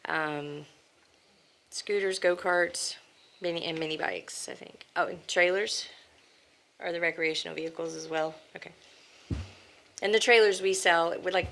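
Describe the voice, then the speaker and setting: A woman's voice: fairly low pitch, gravelly, a bit bright. A woman testifying as a witness at a hearing, casual and hesitant, with many fillers. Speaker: applicant's witness. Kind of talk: answering questions at a hearing.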